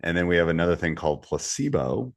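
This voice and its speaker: Deep-voiced man coaching podcast host. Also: fast, dry recording. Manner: relaxed, storytelling, drops to low asides. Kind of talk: casual podcast chat.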